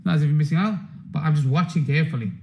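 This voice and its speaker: A man's voice: fairly high pitch, very fast, darkish tone, poor audio. A man hosting a members' market stream, rambling, swearing and repeating himself in a casual rant.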